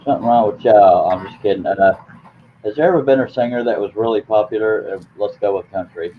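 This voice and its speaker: A man's voice: fairly low pitch, brisk. A man hosting a late-night live stream in a casual, rambling way, teasing his guest with jokes. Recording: tinny phone-like line with faint hiss.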